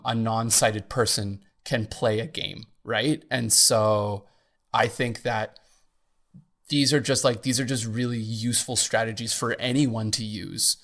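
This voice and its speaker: A man with a mid-range voice co-hosts a casual podcast. He talks earnestly and works his way through his points, often pausing with "um" and "like." His delivery is relaxed and conversational. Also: medium pitch. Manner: earnest, with fillers. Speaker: podcast co-host.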